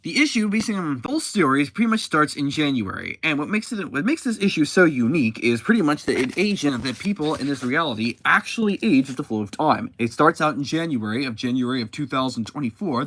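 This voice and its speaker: A man casually reviewing a comic book, talking in a halting way with frequent restarts and self-corrections. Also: on the high side, big pitch swings, a bit bright, no echo.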